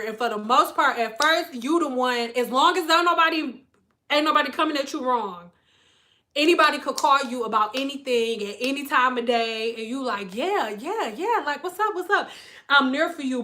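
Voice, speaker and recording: A woman vlogging in a high, bright voice, talking straight to her viewers. She tells her stories animatedly, swears without a second thought and keeps jumping into other people's voices. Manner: animated storyteller, swears freely, acts out quotes. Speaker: beauty vlogger, former hairstylist. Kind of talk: casual chat to viewers.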